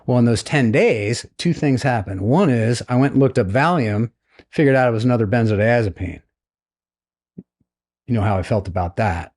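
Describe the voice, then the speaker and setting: A middle-aged American man recounts his experience in a relaxed, conversational way. His voice is mid-pitched, and he slips into the voices of the people he quotes, bringing them to life as he goes. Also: moderate pace. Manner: animated storyteller, acts out quoted voices. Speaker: podcast guest, retired naval flight officer. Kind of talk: casual storytelling interview.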